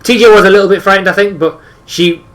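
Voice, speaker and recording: A man's voice: sits high, fast talker, a bit bright. A young man with a Teesside accent, co-hosting a podcast in casual chat, telling sweary anecdotes and acting out quotes. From northeast England. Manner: swears often, tells anecdotes with acted-out quotes. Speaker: podcast co-host.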